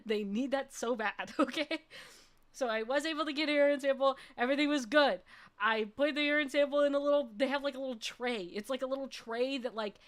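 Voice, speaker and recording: A woman's voice: high voice, a little fast. A young adult woman streamer telling a personal story in casual chat, laughing often and ending points with "okay?". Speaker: vtuber streamer.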